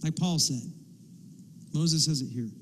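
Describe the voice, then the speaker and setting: A man's voice: a little high, a little slow, slight background noise. A man preaching a sermon as pastor, impassioned, voicing pleading quotes as he goes. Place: church sanctuary. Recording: long hall reverb.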